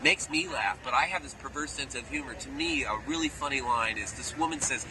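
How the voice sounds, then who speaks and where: A man in an animated interview, telling playful stories and slipping briefly into character voices, recorded outdoors near traffic. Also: medium pitch, fairly quick, hardly any pauses. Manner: playful storyteller who slips into character voices. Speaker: actor interviewee. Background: street and car noise.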